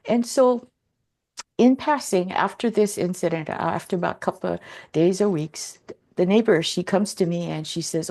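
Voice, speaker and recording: A woman in a group talk slowly telling a personal story in a calm, rambling way, full of fillers and restarts. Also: mid-range voice. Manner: rambling, lots of "you know" and restarts, calm. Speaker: Ho'oponopono instructor.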